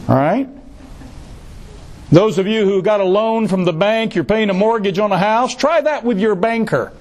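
A man's voice: sits high, moderate pace, darkish tone. A male pastor preaching a sermon, who repeats key phrases for emphasis and adds joking asides.

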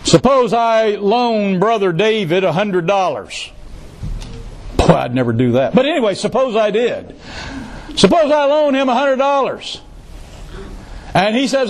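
A man's voice: sits high, big pitch swings, unhurried, pauses often, darkish tone. A male pastor preaching a sermon, who repeats key phrases for emphasis and adds joking asides.

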